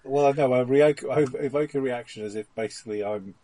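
A man's voice: mid-range voice, a little fast, warm tone, no room sound. A man playing a tabletop game who stumbles and repeats words. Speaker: player. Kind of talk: casual chat.

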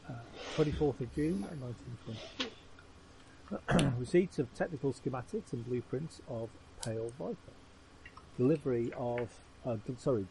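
A man's voice: mid-range voice, warm tone, low-quality recording. Man reading a ledger, slight hiss. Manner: plain reading with uhs and self-corrections. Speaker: player. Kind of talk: reading a ledger aloud in a game session.

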